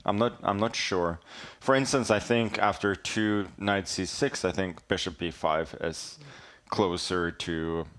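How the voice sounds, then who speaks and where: Man, lowish voice, dry laid-back studio chess commentator. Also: steady tone, unhurried, hardly any pauses, fairly bright tone, a little hiss or hum. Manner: laid-back, dry, with frequent fillers and quoted asides. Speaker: guest commentator.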